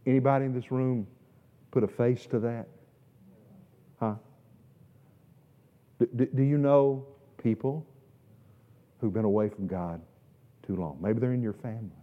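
A man preaching a sermon in a church sanctuary, emphatic, swinging between loud stressed words and quiet asides and repeating words as he restarts. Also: mid-range voice, measured pace, pauses often. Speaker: pastor. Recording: echoey hall, dull lo-fi sound.

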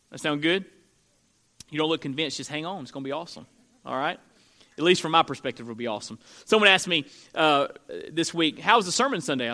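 A pastor from Florida preaching to his congregation in a high, bright voice. He talks conversationally, slipping in joking asides between Scripture readings. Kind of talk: sermon.

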